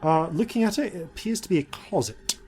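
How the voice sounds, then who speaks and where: Somewhat high-voiced man narrating a game. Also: lively intonation, brisk, a little mellow, soft background music. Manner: descriptive, with frequent ums and self-corrections. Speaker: dungeon master.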